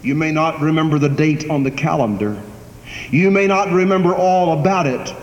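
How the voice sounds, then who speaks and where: Guy preaching in a big echoey church hall, kinda high voice, gets loud then real quiet, faint hiss behind. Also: moderate pace. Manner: emphatic preaching with swells and drops in volume. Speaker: pastor. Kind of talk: sermon. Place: church sanctuary.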